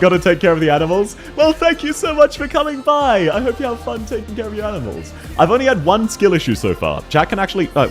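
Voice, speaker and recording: A young man streaming a game, chatting casually with viewers, laughing often and greeting people by name. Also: fairly high pitch.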